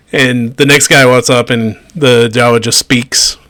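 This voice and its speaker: A man's voice: medium pitch, fairly even intonation, slow pace, fairly bright tone. A man narrating a tabletop game as game master, chuckling and amused, over a video call.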